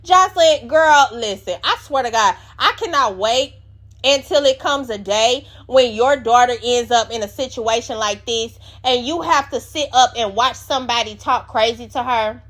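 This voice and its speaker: A woman's voice: on the high side, normal speed, fairly bright tone. A woman host giving a blunt, profane, emphatic recap of a reality show episode. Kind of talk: casual recap commentary.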